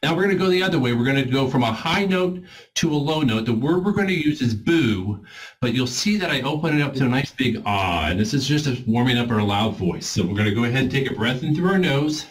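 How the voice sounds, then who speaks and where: A man leading a group voice warm-up class in an informal, encouraging coaching way. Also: medium pitch, animated, quick pace, low-quality recording. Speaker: voice exercise instructor.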